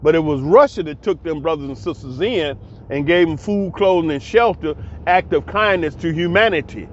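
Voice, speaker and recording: A man's voice: a little high, normal speed, highs cut off, a little hiss or hum. A man, giving a heated, preachy monologue that repeats itself. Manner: preachy, ranting, repetitive. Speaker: commentary channel host.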